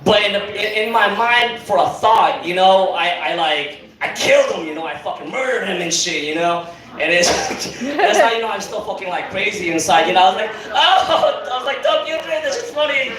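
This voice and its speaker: A man's voice: high voice, animated, moderate pace, a bit bright. A young man doing a rambling, profane stand-up set on a comedy club stage. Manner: rambling, profane, lots of fillers. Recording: echoey club, mic from far off, crowd. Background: audience laughing.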